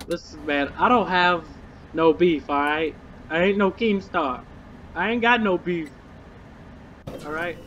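A man's voice: a little high, slow pace, long pauses, fairly bright tone, lo-fi sound, slight background noise. A young man commentating a horror game, jittery and nervous, swearing and muttering to himself. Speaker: gamer.

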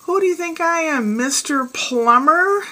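A woman voicing a gruff, lazy, grumpy husband who scoffs with sarcastic retorts, in a told joke. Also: fairly high pitch, sing-song, fairly quick, sharp tone, voice pushed up, full character voice. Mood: scoffing.

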